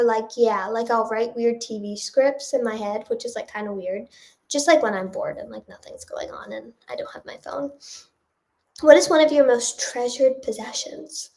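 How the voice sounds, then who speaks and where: A woman's voice: on the high side, darkish tone. Nasal young woman answering livestream chat. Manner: rambling, filler-heavy, reads chat questions aloud. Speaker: singer-songwriter. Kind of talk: casual livestream Q&A. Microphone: phone or webcam livestream.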